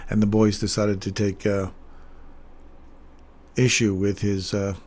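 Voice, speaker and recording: A man's voice: lowish voice, level tone, takes it slowly, darkish tone. A man hosting a livestream, casually telling rambling anecdotes with chuckles and plenty of fillers. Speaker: trading livestream host.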